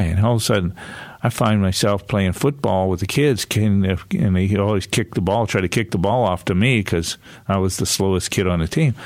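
A man's voice: lowish voice, gravelly, a little mellow, no room sound. A man in his sixties, an author telling a casual, rambling story with frequent chuckles and restarts. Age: 60s. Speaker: author and guest speaker.

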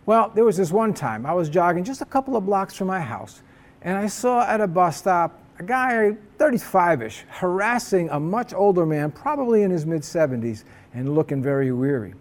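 A man's voice: high-pitched, big pitch swings, moderate pace. A man, an assistant pastor, preaching a sermon in a conversational storytelling way.

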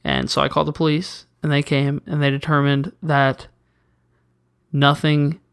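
Bright-voiced young man telling stories. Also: fairly high pitch, moderate pace, clear, resonant tone. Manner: animated, laughs often, swears casually. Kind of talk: casual storytelling chat.

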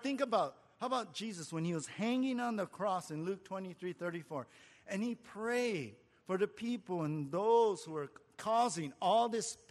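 A man with a high voice delivers an expository sermon. He preaches earnestly and conversationally, posing rhetorical questions to his listeners. His voice carries a long reverb from a hall. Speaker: pastor.

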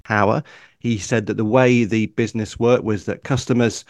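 A man's voice: lowish voice, fairly even intonation, moderate pace, no room sound. A man with a northern English accent, a racing journalist chatting as a guest on a podcast, with lots of ums and uhs. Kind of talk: casual interview chat.

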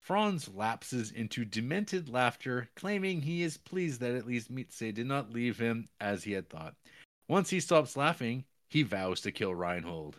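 A man co-hosting a podcast, recapping a series in a rambling, animated way with many fillers and squeaky put-on voices for characters. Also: unhurried. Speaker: podcast co-host. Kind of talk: casual film recap chat.

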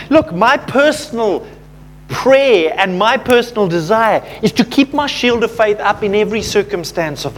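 A man with a notably high voice delivers a sermon to a congregation. He talks casually, with plenty of fillers, and turns personal stories into gentle lessons. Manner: conversational, self-deprecating storytelling with fillers. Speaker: pastor.

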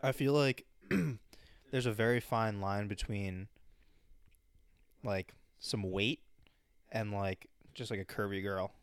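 Young podcast cohost guy, smooth lowish voice, dry teasing comebacks, no room echo. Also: fairly even intonation, slow, long pauses. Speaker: podcast co-host. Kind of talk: casual chat.

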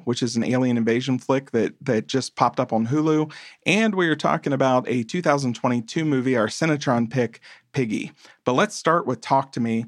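A man's voice: mid-range voice, no room sound. A man co-hosting a podcast in easy, casual chat. He talks with enthusiasm in a mid-range voice. The sound is dry and close. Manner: chatty, enthusiastic reviewer. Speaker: podcast co-host.

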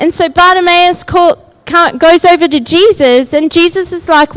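A woman's voice: extremely high pitch, steady tone, a little slow, a bit bright, poor audio. A woman giving a sermon in a conversational way, often asking her listeners "right?" and "yeah?". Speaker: preacher.

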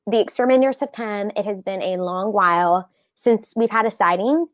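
A young woman talks as a guest on a casual podcast, chatty and quick to laugh. Her voice sits at an ordinary middle pitch. It is recorded close and dry, with no room sound. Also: dry recording. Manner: chatty, laughs often, trailing asides. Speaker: guest blogger. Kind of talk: casual chat.

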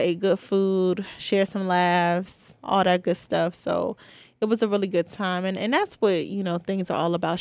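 A woman in her 20s hosts a podcast, sharing personal stories in a casual, heartfelt, chatty way with many fillers. Her voice is lowish and a little mellow, recorded with no room sound.

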